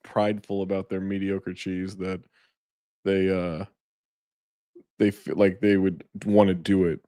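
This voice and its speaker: A man's voice: low voice, level tone, measured pace, warm tone, dry recording. A man with a sore throat, co-hosting a podcast in casual, rambling chat and swearing freely. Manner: loose, rambling, swears often. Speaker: podcast co-host.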